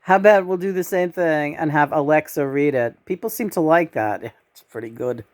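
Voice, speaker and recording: Brief: woman vlogger, low pitch, blunt, profane, rambling casual chat. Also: moderate pace, darkish tone. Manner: blunt, swears freely, rambling. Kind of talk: casual spiritual vlog chat.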